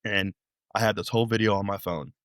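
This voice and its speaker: Low-voiced man telling a tale. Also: quick pace, no room sound, studio quality. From Illinois, USA. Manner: animated, rambling retelling with many restarts. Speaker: podcast guest. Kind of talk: storytelling interview.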